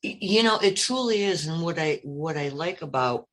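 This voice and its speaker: A man's voice: fairly high pitch, lively intonation, moderate pace, a bit bright. Reflective man musing, hesitant and searching. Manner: reflective, hesitant, many fillers and restarts. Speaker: roundtable guest. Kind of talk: casual online group chat.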